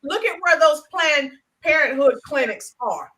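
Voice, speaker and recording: Woman co-host, high bright voice, emphatic, reads live chat. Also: animated, unhurried, rough recording. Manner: emphatic, reads viewer comments aloud. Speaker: teacher. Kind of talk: casual live-stream chat.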